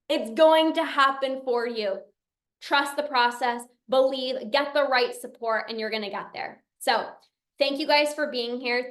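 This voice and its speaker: A young woman with a high voice gives a heartfelt motivational talk as a coach and podcast host. She speaks earnestly, sometimes close to emotional, and leans on repetition to drive her points home. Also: fairly bright tone. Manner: earnest, emotional, repeats phrases for emphasis. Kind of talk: motivational talk, reading out member comments.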